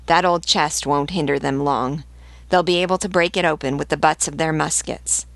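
Lady reading a commanding noble guy, firm and low, audiobook vibe. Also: steady tone, moderate pace, gravelly, dry recording. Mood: stern. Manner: commanding, resolute. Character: stern aristocratic male rebel commander.

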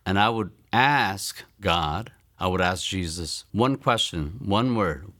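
A man in his fifties from the United States, telling his personal faith testimony in an earnest, reflective way and slowing down to stress key lines. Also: deep voice, bright, forceful tone, dry recording, clean studio sound. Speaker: testimony speaker.

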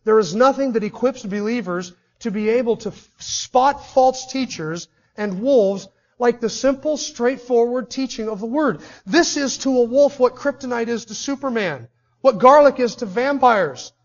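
A man with a strikingly high voice preaches a sermon. He swings between forceful declarations and hushed, intense stretches. The recording sounds dull and lo-fi. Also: lively intonation, moderate pace. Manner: impassioned, swings from loud declarations to quiet intensity.

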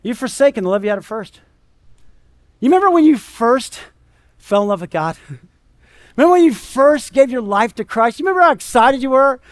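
A man's voice: very high-pitched, sing-song, brisk, long pauses, no echo, studio quality. A man preaching a sermon as pastor, conversational and emphatic, full of rhetorical questions.

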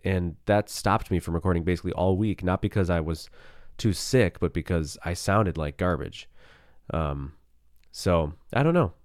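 A man's voice: deep voice, moderate pace, no echo, clean studio sound. A man hosting a casual solo podcast, rambling and self-deprecating, with a groggy morning voice and a cold. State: low morning voice; has a cold. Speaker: podcast host.

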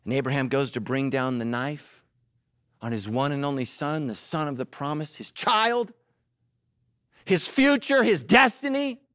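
A man preaching a sermon, telling a story with humor and acting out quotes, swinging from loud high bursts to low quiet emphasis. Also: lively intonation, a little slow, dry recording, clean studio sound. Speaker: pastor.

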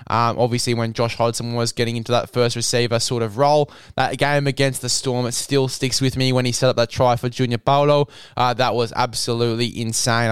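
Aussie guy chatting footy tips, clear voice, dry close sound, calls everyone mate. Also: mid-range voice, no room sound. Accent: Australian. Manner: matey, blokey, says mate a lot. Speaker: rugby league tipping podcast host. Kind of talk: casual sports tipping chat with a plug.

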